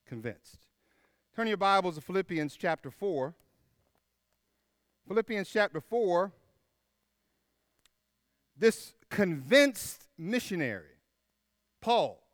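A man with a high, ringing, clear voice delivers a sermon, hammering home his points by repeating them and letting the last words sink low and quiet. The sound is dry and close, with no room around it. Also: dry recording. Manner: emphatic, repeats key phrases, drops to a hush on final words. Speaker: preacher.

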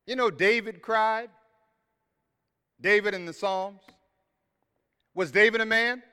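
A man preaching an earnest sermon as a pastor, repeating key phrases and loudly acting out the voices he quotes. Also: sits high, slow pace, clean tone. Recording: reverberant hall.

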